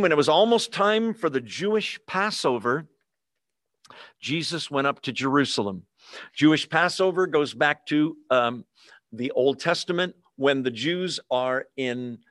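A man preaching a sermon, animated and teasing, asking rhetorical questions and acting out quotes. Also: mid-range voice, no room sound, studio quality.

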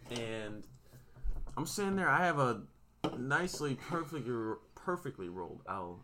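A young man telling a loose, profane story in casual chat with friends, mid-pitched. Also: very animated, measured pace, pushed and bright, a little hiss or hum.

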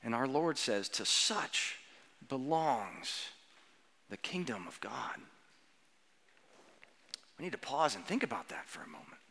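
A man preaching a sermon with earnest emphasis, slowing down on key words and putting questions to the children. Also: medium pitch, very animated, gravelly, sharp tone, breathy edge. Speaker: pastor. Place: church sanctuary. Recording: long church reverb.

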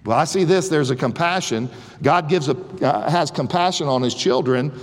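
Sixties male pastor, fervent preaching with restarts, a touch high-pitched, long reverb of a church hall. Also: normal speed. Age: 60s. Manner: preaching with rising fervor and frequent restarts. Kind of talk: sermon.

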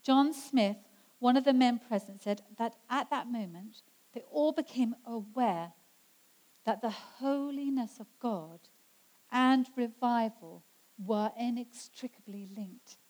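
A woman preaching a sermon, her voice sitting slightly high. She speaks with earnest conviction and slows down to stress the scripture passages. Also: darkish tone, rough recording. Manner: earnest, slows down for emphasis when quoting scripture.

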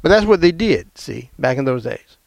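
A middle-aged man from the American South telling a personal family story in an emphatic, animated way. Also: medium pitch, normal speed, creaky, no echo.

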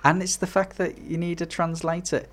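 A man's voice: on the high side, level tone, normal speed, fairly bright tone. A man with a Middlesbrough accent co-hosting a casual podcast, chatty with dry, wry asides. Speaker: podcast co-host.

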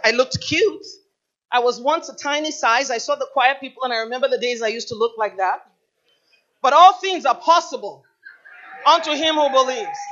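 High-voiced woman preaching a passionate sermon. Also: a bit bright, highs cut off. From United States. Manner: impassioned preaching, rhetorical questions to the congregation. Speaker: pastor. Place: church.

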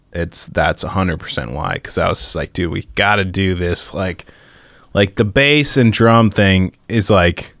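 A man's voice: low-pitched, fairly bright tone, dry recording, studio quality. A man in casual podcast chat, laid-back and laughing often, full of filler words, talking while he eats. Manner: talks while eating. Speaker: musician guest.

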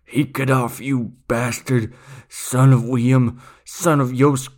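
A man's voice: mid-range voice, flat delivery, darkish tone, lightly acted. A man doing a dying old monk, feeble and brittle. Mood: sneering. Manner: slow, faint, turns to hoarse cursing.

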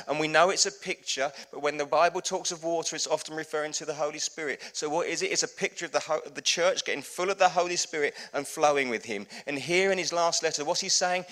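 Man, pastor, conversational sermon, earnest, heartfelt, bright voice, restarts sentences, church service. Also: fairly high pitch, fast, hardly any pauses. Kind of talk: conversational sermon with travel story.

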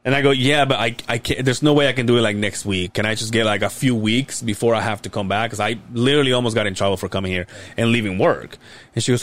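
A man's voice: medium pitch, fast, a bit bright. A man in his late thirties hosting a podcast, telling a long, rambling story in casual chat and swearing freely. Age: late 30s. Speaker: podcast host.

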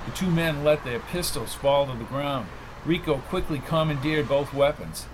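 A man narrating an audiobook novel in a steady, measured way. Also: on the high side, a little hiss or hum.

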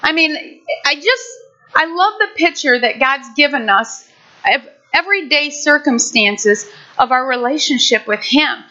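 A woman's voice: high-pitched, expressive, measured pace, pushed and bright. An older woman pastor giving a heartfelt, conversational sermon with many restarts. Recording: muffled lo-fi recording.

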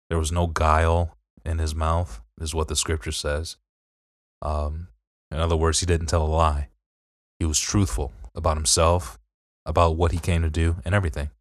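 Very deep-voiced man explaining faith. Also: no echo, clean studio sound. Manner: earnest, explaining scripture plainly. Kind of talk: casual chat about faith.

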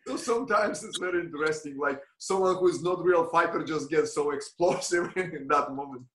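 A man, a ballet dancer, telling stories in a lively, conversational way, laughing often and acting out the lines of other people. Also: a little high, brisk, a little hiss or hum. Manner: animated, acts out quoted lines, frequent laughs. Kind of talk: conversational storytelling. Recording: roomy echo.

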